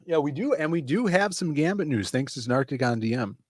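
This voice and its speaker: A man's voice: a little high, expressive, brisk, breathy edge, dry recording. A man co-hosting a casual livestream, rambling loosely and greeting people in the chat by name. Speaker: podcast co-host.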